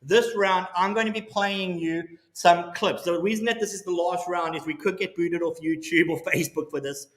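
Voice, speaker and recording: Man, church quiz host, encouraging, preacherly, slightly high-pitched, roomy echo. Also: fairly even intonation, moderate pace, few pauses, a bit bright. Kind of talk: live-streamed quiz and appeal.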